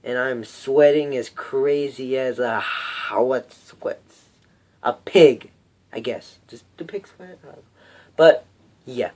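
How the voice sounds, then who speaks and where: A man's voice: medium pitch, steady tone, takes it slowly, a little mellow. Rambling teenage guy vlogging. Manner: rambling, self-mocking storytelling. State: hot and sweaty. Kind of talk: unscripted personal vlog.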